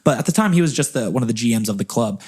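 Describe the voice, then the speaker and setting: Fast-talking, profane male podcast host. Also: mid-range voice, husky. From Seattle, USA. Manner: profane, slangy, animated. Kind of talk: casual storytelling.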